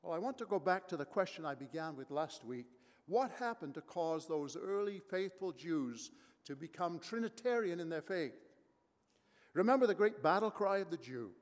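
A man preaching a sermon from the pulpit, his voice sitting a little high for a man. He drives his points home with emphasis and rhetorical questions. A long reverb trails after his words in the big room. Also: expressive, moderate pace. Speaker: pastor.

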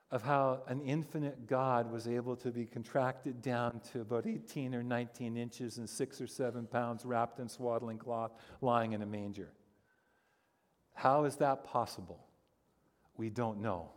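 A male pastor giving a sermon, telling stories with humor and building to animated emphasis. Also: mid-range voice, a little slow. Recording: long reverb of a large hall.

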